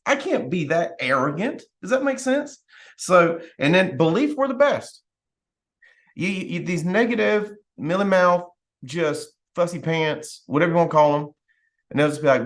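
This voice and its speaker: A man's voice: medium pitch, moderate pace. A man leading a team call, giving a fired-up motivational talk, acting out what other people say and laughing often. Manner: animated, acts out quoted people; laughs often, rambling restarts. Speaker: team leader hosting a call.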